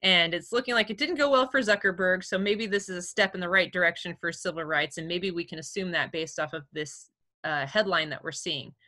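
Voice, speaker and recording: A woman's voice: on the low side, brisk, bright, forceful tone. A woman teaching a class over a video call, casual and chatty, with many fillers and easy laughs. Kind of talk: online class lecture.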